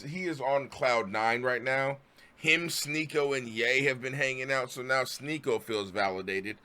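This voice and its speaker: A man's voice: mid-range voice, pushed and bright. A man streaming his reactions to a video, ranting profanely and sounding exasperated. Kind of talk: live stream commentary.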